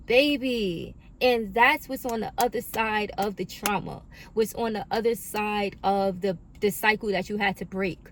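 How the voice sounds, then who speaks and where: A woman delivers a spiritual oracle reading into her phone. She is emphatic and affirming and swears casually, at a middling pitch with a faint hum of room noise behind her. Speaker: oracle card reader.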